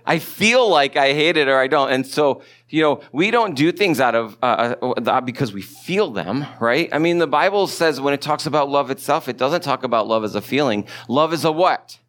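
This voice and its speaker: A man preaching a sermon as pastor, talking in a relaxed conversational way and putting questions to his listeners. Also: medium pitch, normal speed, few pauses. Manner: conversational, asks the congregation questions.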